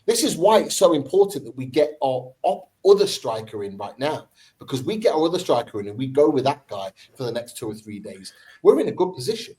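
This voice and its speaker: A man's voice: medium pitch, big pitch swings, brisk, a little mellow, rough recording. A man hosting a football fan podcast, debating with passion and repeating his points for emphasis.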